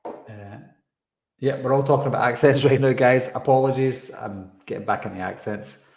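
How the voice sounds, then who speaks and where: A man's voice: mid-range voice, normal speed, vocal fry, darkish tone. A man hosting a live stream, chatting casually as he breaks down a trailer. He rambles, drifts onto tangents and answers chat comments along the way. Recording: roomy echoey room sound.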